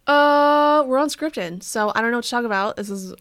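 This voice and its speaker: A woman's voice: fairly high pitch, moderate pace, fairly bright tone, dry recording. A young woman co-hosting a podcast, chatting casually in a playful, self-mocking way. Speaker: podcast co-host. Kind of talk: casual chat.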